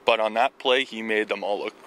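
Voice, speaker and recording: A man, a university football coach being interviewed outdoors, eager and halting with many restarts. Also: fairly low pitch, fairly even intonation, fairly bright tone, a little hiss or hum, poor audio. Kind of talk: sports interview. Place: outdoors at a ballpark.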